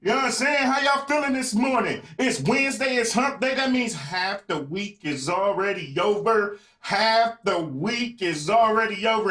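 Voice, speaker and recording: A man's voice: high-pitched, lively intonation, moderate pace, hardly any pauses, a bit bright. A man hosting a live podcast who talks straight to viewers in the chat and repeats his phrases for emphasis. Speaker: podcast host. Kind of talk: live-streamed podcast monologue. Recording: echoey room.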